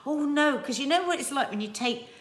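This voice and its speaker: Woman, middle-aged, outspoken, lively, live TV review chat, echoey room. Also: high voice, a little fast, crowd noise. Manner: blunt, outspoken, laughs a lot. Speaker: co-host of a live review show.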